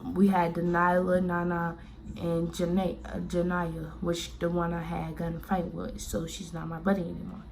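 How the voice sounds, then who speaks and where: A woman from Miami telling a story-time vlog, talking casually and circling back with lots of "like" and restarts. Her voice sits slightly low, with faint background hiss. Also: monotone, normal speed, gravelly, darkish tone. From Miami, Florida. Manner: rambling, full of "like" fillers and restarts. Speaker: vlogger telling a personal story.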